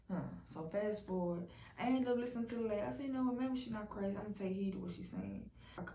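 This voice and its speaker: A young woman with telling a personal story to her viewers, animated and blunt, acting out other people's lines in a lower voice. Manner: animated, quotes others in a low voice, profane. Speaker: vlogger. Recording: roomy and distant from the mic, faint background noise.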